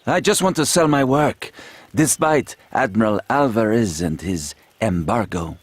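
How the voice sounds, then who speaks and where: An actor playing a proud, flattering gunsmith with a French accent, in a video game. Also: male voice, on the low side, measured pace, no echo. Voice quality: fawning, theatrical salesman manner.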